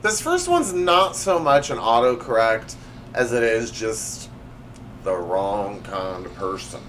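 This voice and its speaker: Animated man reading funny texts. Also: mid-range voice, takes it slowly, a little hiss or hum. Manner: animated, reads text messages in exaggerated voices. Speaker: host.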